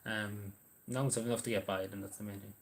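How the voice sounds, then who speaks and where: A man's voice: on the low side, flat delivery, very fast. An Irish man chatting casually on a livestream, answering viewers' messages in a rambling, hesitant way with lots of ums and restarts.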